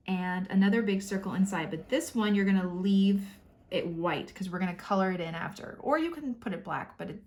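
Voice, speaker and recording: A woman teacher walks young children through a drawing and writing lesson step by step. She explains patiently and encouragingly, dropping in playful little sound words as she draws. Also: mid-range voice. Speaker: kindergarten teacher.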